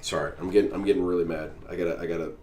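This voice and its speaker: A man's voice: sits low, fairly even intonation, racing, mellow. A man streaming a reaction to a clip, ranting with sarcastic, exasperated mockery. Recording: echoey room, mic at a distance, faint noise.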